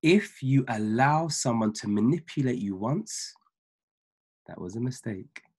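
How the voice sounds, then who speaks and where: Husky-voiced preacher guy on a video call, hammering points home, repeats stuff slow so you can write it down. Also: medium pitch, expressive, darkish tone. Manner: preachy, emphatic, repeats key lines slowly for note-taking. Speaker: ordained minister and trading mentor. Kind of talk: motivational talk on a weekly call.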